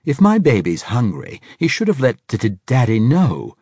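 A man's voice: medium pitch, wildly swooping pitch, moderate pace, a little mellow, husky, no echo, studio quality, pitched above the performer's own voice, heavily acted. A man reading a novel aloud and voicing a fussy, stammering old bachelor with rattling false teeth, in a fluttery, pleading way. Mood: cooing.

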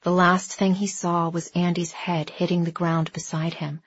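A woman reading a story aloud as an audiobook narrator, with a steady, even delivery. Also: lowish voice, normal speed, husky, no echo. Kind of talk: scripted narration. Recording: dry, slightly dull lo-fi recording.

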